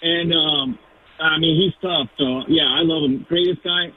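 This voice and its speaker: A man calling in to a sports radio show, speaking haltingly with many fillers over a poor cell connection. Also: a little high, fairly even intonation. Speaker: radio caller. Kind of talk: phone call opinion. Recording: tinny cell phone line.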